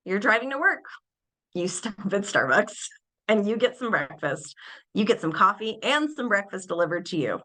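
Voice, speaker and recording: Bright-voiced woman giving a lively webinar talk. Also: mid-range voice, moderate pace, low-quality recording. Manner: animated, acts out little scenes in changed voices. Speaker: behavior analyst presenter. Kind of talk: webinar lecture.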